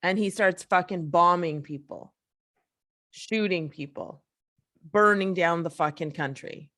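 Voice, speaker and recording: A woman's voice: lowish voice, a little slow, a bit bright. A woman hosting a solo podcast, ranting in a frustrated, emphatic, profane way. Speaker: podcast host. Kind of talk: casual solo podcast rant.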